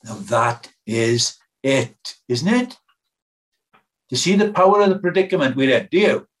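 A man's voice: medium pitch, sing-song, moderate pace. An older British man preaching a sermon in an earnest, pleading way, asking his hearers many questions.

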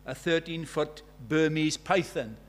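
A man preaching a sermon in church, his voice sitting a little high for a man. He drives his points home with emphatic repetition and rhetorical questions, dropping from forceful declarations to hushed asides. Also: unhurried.

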